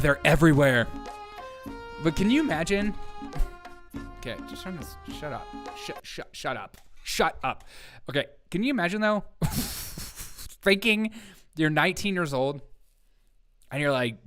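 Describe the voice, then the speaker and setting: A man's voice: sits high, big pitch swings, a little slow, long pauses, a bit bright, soft background music. A man hosting a live comedy news show, riffing on headlines with a joking, chaotic manner and frequent laughter. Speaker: host.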